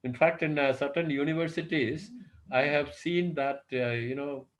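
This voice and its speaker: A man's voice: a little high, normal speed, low-quality recording. A man giving an online lecture as a professor, thinking aloud with many fillers and posing rhetorical questions. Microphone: video call.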